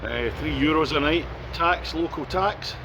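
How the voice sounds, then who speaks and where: A man's voice: a little high, a little slow, noisy background. A Scottish man chatting casually as a travel vlogger, touring and commenting as he goes. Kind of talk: casual travel vlog narration. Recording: music playing loudly behind.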